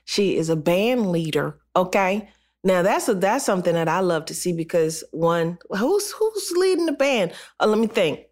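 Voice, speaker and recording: A woman's voice: lowish voice, very animated, normal speed, darkish tone. A woman hosting a podcast, gushing and playful in casual chat with a guest. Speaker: podcast host.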